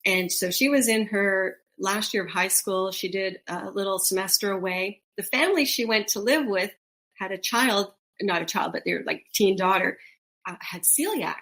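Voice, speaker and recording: A middle-aged woman co-hosts a podcast, speaking at a normal pace in a mid-range voice. The chat is casual, and she tells her stories with animation, acting out quoted voices and laughing along the way.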